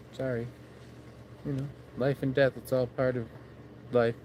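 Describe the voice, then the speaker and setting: A man's voice: mid-range voice, little pitch movement, measured pace, pauses often, dark tone, a little hiss or hum. A man vlogging by his backyard shed late at night into his phone, rambling casually, swearing and laughing at himself.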